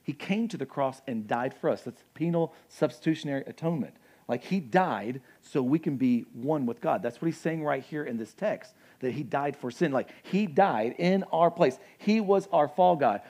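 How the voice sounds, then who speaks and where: A young adult man preaching a sermon as pastor, conversational and animated, with asides and acted-out quotes. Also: on the high side, normal speed.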